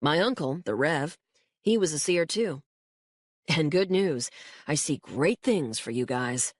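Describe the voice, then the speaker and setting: A woman voicing an odd young man who claims to be a seer and talks in halting, casual questions. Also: deep voice, animated, no room sound, clean studio sound. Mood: earnest.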